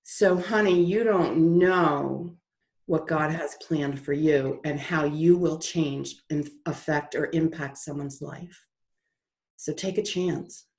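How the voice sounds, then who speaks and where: A woman guest telling stories in an interview, lively and dramatic, acting out the voices in her story. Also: deep voice, slow pace, reverberant. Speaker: guest author.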